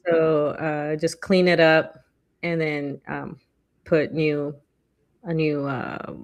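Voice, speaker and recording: Lady chatting casually, lowish voice, tons of "like" and "you know". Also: little pitch movement, slow pace, lo-fi sound. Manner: chatty, lots of fillers, acts out quotes animatedly. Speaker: podcast co-host. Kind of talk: casual chat.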